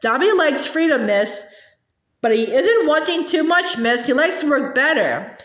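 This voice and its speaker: A woman voicing an eager, servile male house-elf who talks in a squeaky voice and calls everyone sir. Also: very animated, unhurried, a bit bright, roomy sound, heavily acted. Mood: earnest.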